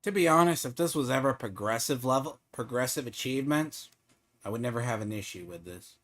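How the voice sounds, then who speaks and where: A man's voice: medium pitch, expressive, brisk, fairly bright tone. A man streaming a game, trash-talking and mocking another player in casual, swearing chat. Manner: taunting, mocking, swears freely.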